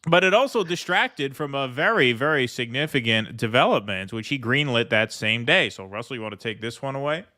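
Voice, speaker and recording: Bright-voiced man co-hosting a political stream. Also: mid-range voice, fairly quick, hardly any pauses, dry recording, clean studio sound. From United States. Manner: animated, emphatic, often agreeing. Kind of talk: casual political chat.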